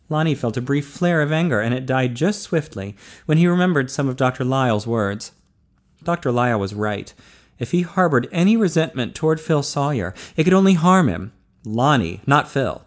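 A man narrating an audiobook in a steady, measured way. His voice sits at an ordinary middle pitch, and he reads clearly and evenly.

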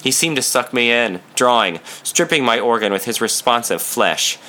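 A man narrating first-person fiction in a measured, steady reading style. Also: mid-range voice. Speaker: audiobook narrator.

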